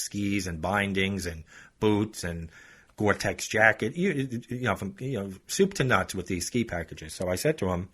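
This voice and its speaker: A man's voice: low voice, sharp tone, breathy edge. A male podcast host telling a story in a chatty, casual way, talking straight to his listeners. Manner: chatty, addresses listeners as folks.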